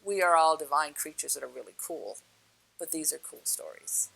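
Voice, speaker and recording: A woman telling personal stories in a casual, animated way, laughing often and acting out the dialogue. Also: sits low, normal speed, gravelly, husky, poor audio. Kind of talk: casual spoken storytelling.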